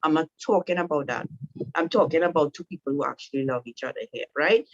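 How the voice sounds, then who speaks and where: A woman's voice: low voice, fast talker, no room sound, lo-fi sound. A woman giving an instructive talk to women on marriage, speaking directly and often asking "right?". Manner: direct, repetitive, coaching with rhetorical "right?". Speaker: marriage teacher.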